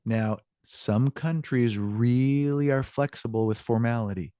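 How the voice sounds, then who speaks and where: A man's voice: medium pitch, a little slow, mellow, smooth, no echo, clean studio sound. An older man teaching a Spanish class in a chatty, upbeat way. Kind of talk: classroom lesson.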